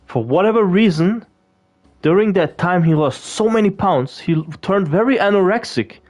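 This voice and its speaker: A man's voice: high voice, expressive, normal speed, a little mellow. A man chatting casually while he plays a video game, rambling and swearing with lots of fillers and restarts. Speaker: gaming video creator. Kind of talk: casual gameplay commentary.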